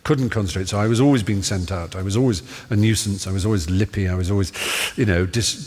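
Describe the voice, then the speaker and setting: A middle-aged man from Norfolk, a guest telling stories in a live stage interview with ornate, playful wording and many fillers. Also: medium pitch. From Norfolk, England. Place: large theatre stage. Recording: live theatre hall reverb, faint hiss.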